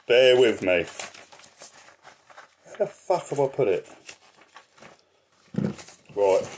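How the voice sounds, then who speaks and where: A man's voice: mid-range voice, expressive, drawn-out words, a little hiss or hum. A man ranting angrily in a vlog, swearing constantly and asking "right?" as he goes. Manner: shuffles through papers, voice drifts from the mic. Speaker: activist vlogger.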